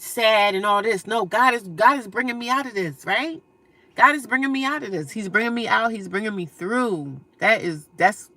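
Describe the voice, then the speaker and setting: A woman livestreaming, reading and answering chat comments in a blunt, profane, animated way and laughing often. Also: mid-range voice.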